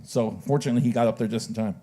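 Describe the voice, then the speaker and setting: A man's voice: medium pitch, very fast, warm tone. A man hosting an open mic, bantering offhandedly between acts. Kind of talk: casual emcee banter.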